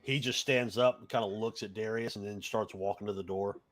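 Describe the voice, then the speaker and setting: A man's voice: on the low side, steady tone, a little fast, slight background noise. A man narrating a tabletop game as game master, talking loosely with lots of fillers. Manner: rambling, loose, with many fillers.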